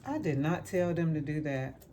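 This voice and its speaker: A woman with a somewhat low voice talks her way through a home cooking vlog in her kitchen. Her chat is loose and rambling, and she repeats words to stress a point. A faint hum of noise sits behind her. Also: moderate pace. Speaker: home cook vlogger.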